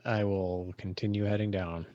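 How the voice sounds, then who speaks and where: A man's voice: deep voice, flat delivery, moderate pace, warm tone, no echo. A man playing a tabletop game, speaking his character's lines in a terse, firm way. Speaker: player. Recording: dry, dull lo-fi mic.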